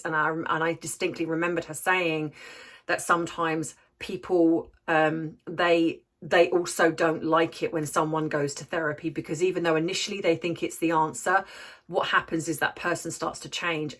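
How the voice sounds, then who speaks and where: A woman with a fairly low voice tells a personal story straight to camera. She sounds reflective and candid, often stopping to search for the right words. She is a therapist and life coach. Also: a bit bright. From United Kingdom.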